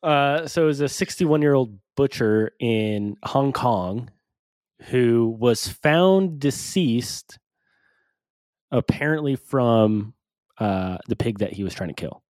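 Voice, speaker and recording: A young man co-hosting a podcast, talking in a relaxed, casual way and thinking out loud. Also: medium pitch, takes it slowly, no room sound. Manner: relaxed, thinks aloud with fillers. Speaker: podcast co-host. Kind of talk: casual chat.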